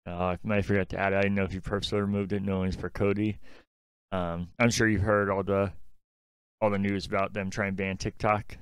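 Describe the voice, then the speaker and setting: A man co-hosting a gaming podcast in casual chat, relaxed and thinking out loud. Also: deep voice, quick pace, clean tone, no echo, studio quality. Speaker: podcast co-host.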